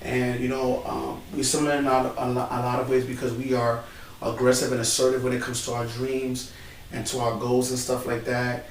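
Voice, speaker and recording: A co-host speaks at a moderate pace in a medium-pitched voice with a completely flat delivery, chatting casually and emotionally while peppering his talk with "bro" and "man." He's recorded in a church building on a distant mic, so the sound is roomy with faint background noise.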